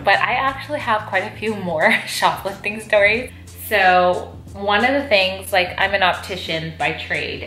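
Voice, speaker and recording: A woman vlogger telling stories in a chatty, animated way while folding laundry, with lots of fillers. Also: mid-range voice. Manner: chatty, animated, lots of "like", jumps to loud outbursts when retelling. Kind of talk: casual storytelling chat while folding laundry. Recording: echoey room with faint music.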